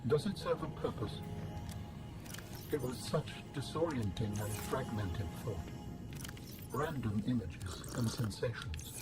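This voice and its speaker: A grave, ancient alien mind, voiced by a man, speaks in slow, cryptic phrases. Game music sits clearly beneath the voice. The tone is deep and even. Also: close to an everyday voice. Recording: game audio under music.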